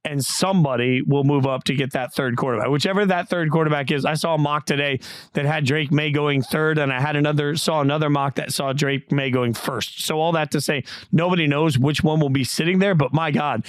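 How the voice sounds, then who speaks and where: A man's voice: a little high, brisk, dry recording. A middle-aged man hosting a sports podcast, telling stories in casual chat with playful jumps in his voice. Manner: animated storyteller, playful voice jumps. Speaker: podcast host.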